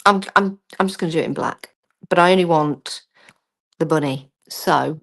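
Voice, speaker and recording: A woman's voice: lowish voice, slow, long pauses, a bit bright. Casual female craft host, self-deprecating, talks while she works. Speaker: craft demonstrator. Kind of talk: live crafting demo.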